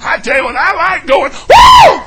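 Man, fervent sermon, sharp bright voice, loud shouting, folksy. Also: very high voice, lively intonation, moderate pace, some chatter behind, slight background noise. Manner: folksy, joking with the congregation. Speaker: pastor. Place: church.

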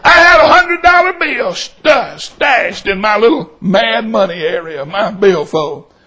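A middle-aged man preaching a storytelling sermon, shouting for emphasis and then dropping to a hush. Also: high-pitched, expressive, measured pace, a crowd in the background.

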